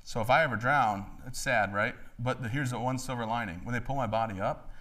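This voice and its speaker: A man in his thirties giving a joking, animated talk to a live audience in a hall. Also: mid-range voice, brisk. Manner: joking, animated, acts out voices. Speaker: motivational speaker.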